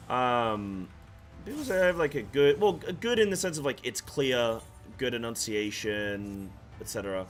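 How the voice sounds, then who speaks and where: A man with a shifting accent, half English and half American, streams a game and chats casually with his live chat, rambling and restarting often. His mid-range voice is sing-song at a moderate pace, with faint music behind him.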